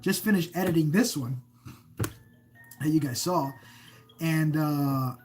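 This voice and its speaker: A man hosts a casual live stream of creepy stories from home, his voice sitting a little high for a man. He rambles, trips over his own sentences and stops to read viewer comments aloud. Faint music plays underneath. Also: slow pace, a little mellow. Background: faint background music.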